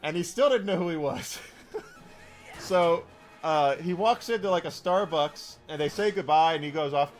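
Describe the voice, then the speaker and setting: A man's voice: fairly high pitch, a little slow, soft background music. A man streaming a game and telling a long story in a rambling, casual way, full of restarts and fillers.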